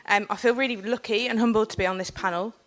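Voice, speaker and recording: A young woman, speaking on a panel while nursing a cold, earnest and forceful, with frequent "um"s. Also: mid-range voice, steady tone, quick pace. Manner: earnest, forceful, with filler ums. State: has a cold. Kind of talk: impassioned public speech.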